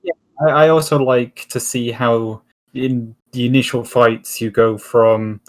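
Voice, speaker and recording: A man who is a guest on a casual film review podcast, explaining his points slowly and in a measured way. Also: mid-range voice, fairly even intonation.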